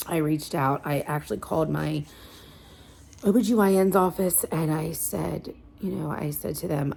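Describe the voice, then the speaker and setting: A woman in her thirties, a mom sharing a personal story in a candid, halting way, with many fillers and restarts. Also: low voice, vocal fry, a little mellow, husky. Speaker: mom vlogger. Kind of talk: personal confessional chat.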